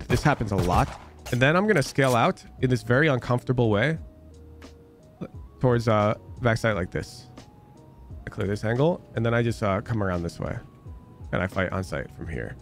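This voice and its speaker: Blunt, sarcastic male game coach. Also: on the low side. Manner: blunt, emphatic, repeats phrases for sarcastic effect; casual, swears freely. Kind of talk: coaching commentary over gameplay review.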